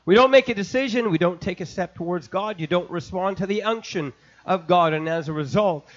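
A man preaching an impassioned sermon, building from quiet storytelling to shouting. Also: high voice, brisk, dull audio. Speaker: pastor.

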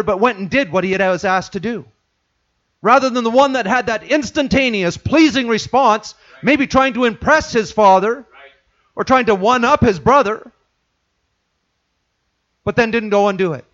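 A man preaching a sermon as a pastor, who acts out the inner voices of his listeners and drops to a hush for them. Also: very high voice, lo-fi sound.

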